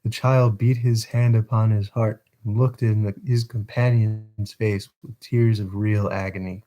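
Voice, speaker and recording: A man's voice: fairly low pitch, flat delivery, measured pace, dark tone. A man reading a novel aloud on a casual livestream, chatting between passages and stumbling over words.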